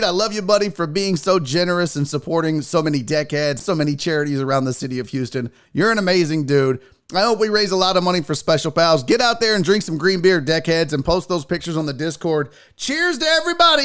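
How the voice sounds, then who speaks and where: A man's voice: fairly high pitch, clean tone. A man hosting a sports talk show, joking loosely and swearing in casual banter.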